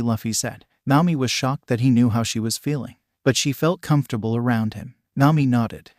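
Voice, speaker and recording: A man narrating fan fiction in an even, unhurried reading. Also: mid-range voice, no room sound, clean studio sound.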